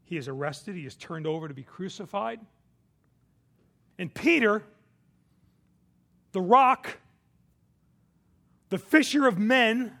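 A male preacher delivering a sermon. His voice sits high for a man and carries a gravelly rasp. He tells the story with dramatic swings between soft and loud passages.

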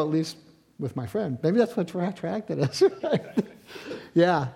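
A middle-aged male pastor from central Pennsylvania delivering a sermon. His pitch swings widely as he moves between wry, self-mocking asides and passionate, louder stretches of preaching. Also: animated, moderate pace, gravelly.

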